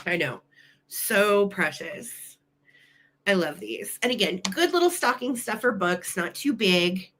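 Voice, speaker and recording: A woman's voice: mid-range voice, animated, unhurried, a bit bright, a little hiss or hum. A middle-aged woman hosting a live vintage sale, cooing over old children's books and running bids for her viewers. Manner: gushing, delighted, talks to chat viewers. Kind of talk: live auction chat, reading children's books aloud.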